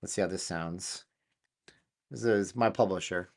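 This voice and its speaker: A man hosting a casual studio chat, excitable and slangy, thinking aloud as he talks. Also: deep voice, a little slow, vocal fry. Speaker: channel host. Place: home studio.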